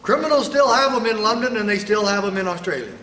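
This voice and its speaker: Emphatic male speaker, highish and forceful, rhetorical and fiery, hall echo. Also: expressive, fast, distant mic. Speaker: speaker at a sheriffs' event. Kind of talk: political speech. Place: event hall with audience. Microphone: microphone, sometimes stepping away. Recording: echoey hall.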